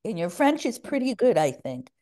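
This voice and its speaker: A woman's voice: medium pitch, very animated, normal speed, mellow. A woman in an online meeting talking in a playful, coaxing way, drafting others to help. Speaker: meeting participant. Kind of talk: casual online meeting talk.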